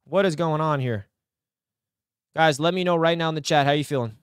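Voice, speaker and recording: Young male streamer, high voice, dry close sound, hyped and rambling to his chat. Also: a little fast, clear, resonant tone, no echo. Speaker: live stream host. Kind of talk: excited live-stream sports reaction.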